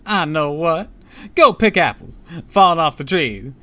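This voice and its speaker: A man voicing a bustling older farm woman in a loud, chipper put-on Southern accent. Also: a little high, lively intonation, a little slow, voice pushed up. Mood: bossy chipper. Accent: American Southern, put on.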